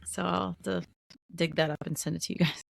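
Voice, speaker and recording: A woman co-hosting a podcast, chatty and quick to laugh, asking questions in casual conversation. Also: on the low side, steady tone, vocal fry, no echo, studio quality. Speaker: podcast co-host. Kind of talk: casual chat.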